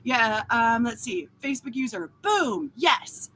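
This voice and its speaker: A woman hosting a casual live stream, chatting through viewer comments in an animated, candid way, swearing freely and laughing often. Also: fairly high pitch, unhurried. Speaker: host of a live talk stream.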